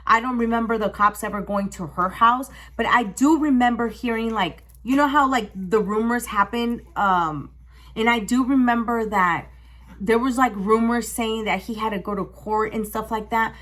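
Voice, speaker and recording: Animated young woman vlogger. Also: a little high, moderate pace. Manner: emotional, swearing, animated retelling. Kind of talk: casual storytime.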